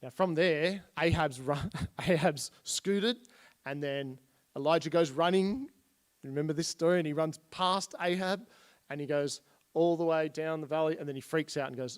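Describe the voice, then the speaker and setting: A man's voice: a little high, normal speed. Chatty man teaching Bible history. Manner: chatty, retells stories in plain everyday speech, pointing at slides. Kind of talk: casual illustrated Bible history lesson.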